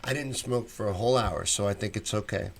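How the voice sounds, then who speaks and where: A man's voice: fairly low pitch, brisk, gravelly, a little hiss or hum. A man hosting a casual live stream, reading viewer comments aloud and answering each one with his own opinions. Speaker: show host reading live chat.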